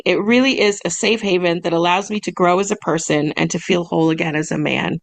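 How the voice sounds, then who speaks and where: A woman's voice: on the low side, steady tone, a little fast, vocal fry. Young woman, podcast co-host, casual and giggly, gets choked up easily. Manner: bubbly, laughs often, gets choked up. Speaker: podcast co-host, massage business owner. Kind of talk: casual chat, reading emails aloud.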